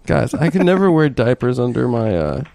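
A man's voice: mid-range voice, very animated, moderate pace, vocal fry, mellow, no echo. A young man co-hosting a podcast, trading crude jokes and protesting in mock indignation. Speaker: podcast co-host. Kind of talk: casual comedic banter.

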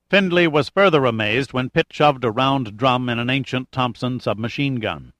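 A man reading an adventure novel aloud in steady, even scripted narration. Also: medium pitch, moderate pace, hardly any pauses, no room sound. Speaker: audiobook narrator.

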